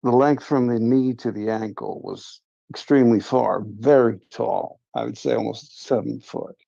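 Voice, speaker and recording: Gravelly man telling a story. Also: mid-range voice, steady tone, normal speed, dark tone, no room sound. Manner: earnest, confiding, recounting a strange encounter. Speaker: livestream host. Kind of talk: casual first-person storytelling. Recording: dull lo-fi stream audio.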